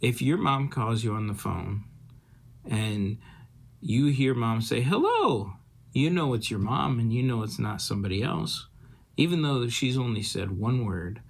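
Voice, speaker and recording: A pastor talking informally to children, folksy and rambling with restarts. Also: male voice, lowish voice, creaky.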